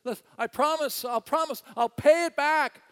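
A man's voice: extremely high pitch, normal speed, a bit bright, voice pushed up. A preacher acting out a desperate male servant who begs and repeats his promises in a raised voice. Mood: begging.

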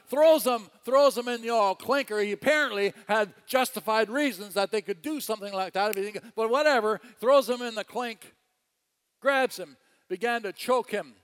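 A man preaching a sermon, telling a story with animated delivery, chuckling and repeating phrases. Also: high-pitched, moderate pace, in a large hall.

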